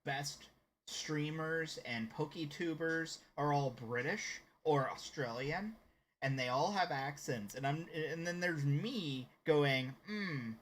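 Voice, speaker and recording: A man's voice: fairly high pitch, slow, fairly bright tone, a little hiss or hum. An American man with a slight Southern accent who streams games and chats casually with his viewers. He rambles and hesitates as he talks. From United States. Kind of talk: casual live-stream chat.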